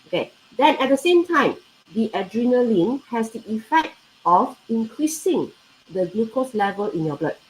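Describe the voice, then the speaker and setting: A woman's voice: on the high side, sing-song, moderate pace, a little mellow, slight background noise, rough recording. A woman teaching a live exam-prep biology lesson, often checking in with "right?" and "okay", repeating key words, and chatting with viewers. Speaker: biology tutor.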